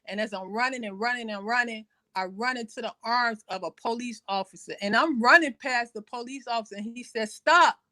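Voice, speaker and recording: A woman telling her personal testimony in conversation. She speaks haltingly, with many fillers and repeated phrases, and raises her voice when quoting others. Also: a little high, sharp tone, no room sound. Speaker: guest sharing her testimony.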